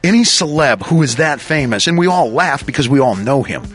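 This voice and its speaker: A man's voice: mid-range voice, expressive, a little fast, fairly bright tone. Joking radio host man with music behind. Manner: joking, riffing, laughs between lines. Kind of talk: rambling comic radio talk. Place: radio studio.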